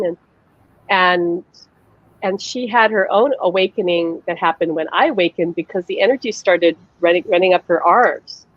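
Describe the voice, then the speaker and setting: Speaking at a normal pace with a lowish voice, a psychic medium runs a live online chat on a video call. The audio is dull but free of echo. Her manner is chatty and full of "like" fillers, and she performs the voices of people in her personal stories.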